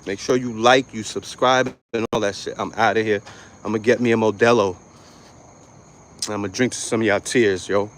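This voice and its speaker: A man's voice: lowish voice, fairly even intonation, moderate pace, a little hiss or hum. Ranting, swearing man vlogger. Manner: angry, mocking, loud and swearing. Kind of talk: profane rant to camera. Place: lives in Florida.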